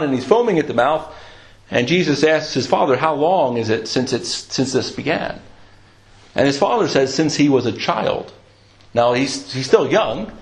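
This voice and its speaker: A man preaching a sermon in a conversational way, often restarting his words and clearing his throat. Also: a little high. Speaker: pastor.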